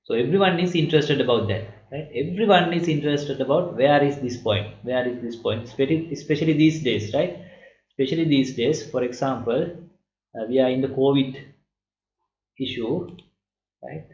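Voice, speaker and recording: A man's voice: medium pitch, darkish tone. Sri man, math lecturer, echoey room, muffled lo-fi sound. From Sri Lanka. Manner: explains slowly, often asks "right?".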